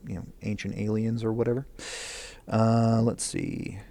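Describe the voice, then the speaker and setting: A man's voice: on the low side, creaky, mellow. A male teacher recording class instructions, rambling with many fillers, earnest and encouraging.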